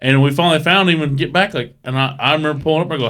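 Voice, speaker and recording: A man's voice: fairly high pitch, racing, fairly bright tone, slight background noise. A man telling old stories in casual podcast chat, swearing all the time and laughing as he talks. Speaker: podcast host.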